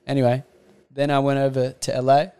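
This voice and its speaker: Young male podcast host, smooth resonant voice, relaxed and friendly conversationalist. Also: medium pitch, a little fast. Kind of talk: casual interview chat.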